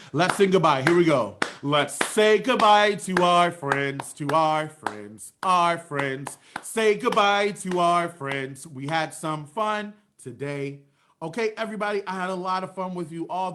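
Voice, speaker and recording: A man narrating a children's storytime in a sing-song way, asking the kids questions and praising them, into a large microphone. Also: on the high side. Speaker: children's storyteller and music teacher. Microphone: large microphone into a voice box.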